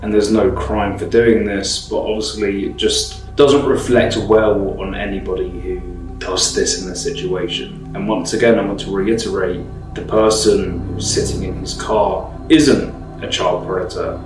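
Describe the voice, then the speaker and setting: A man with a lowish voice walks through legal points in a measured, disapproving tone. He sounds set back from the mic in a roomy space. Faint music plays underneath. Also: flat delivery, recorded from a distance. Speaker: commentator. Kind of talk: reaction commentary explaining law.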